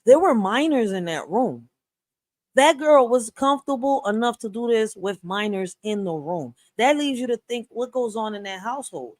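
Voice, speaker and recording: A woman hosting a live stream, giving blunt and passionate commentary that rises to loud outbursts. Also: fairly high pitch, expressive, moderate pace, no room sound.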